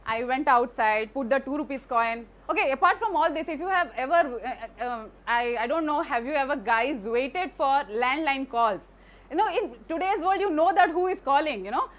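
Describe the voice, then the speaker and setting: A woman's voice: high-pitched, lively intonation, normal speed. A woman, earnestly telling a personal story to an audience, with frequent restarts and fillers.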